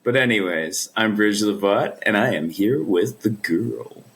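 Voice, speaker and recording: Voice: mid-range voice, a little slow, fairly bright tone. A podcast host in casual, playful chat who giggles often and rambles a little.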